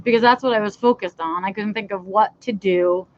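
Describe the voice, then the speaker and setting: A woman's voice: mid-range voice, brisk, highs cut off. A woman hosting her own live stream outdoors, chatting casually and rambling with lots of fillers while feeling cold. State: cold, shivering. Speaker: vlog host. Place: outdoors in a backyard.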